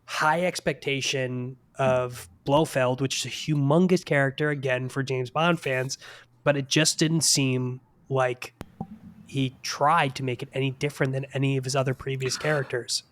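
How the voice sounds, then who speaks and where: A man with an average-pitched voice chats on a casual podcast. He is relaxed and thinks out loud as he goes. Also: normal speed. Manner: easygoing, laughs along, thinks aloud.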